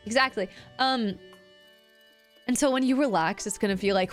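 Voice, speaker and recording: High-voiced woman streamer teaching voice stuff, bouncy and playful, soft music behind. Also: brisk. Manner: animated, demonstrates voices, laughs often. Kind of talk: casual live-stream lesson.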